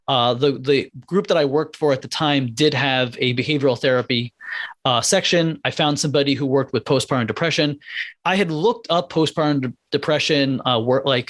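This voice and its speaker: A middle-aged man, a pediatrician guest on a podcast, telling a personal story in a candid, halting way with many restarts. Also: mid-range voice, a bit bright, no room sound.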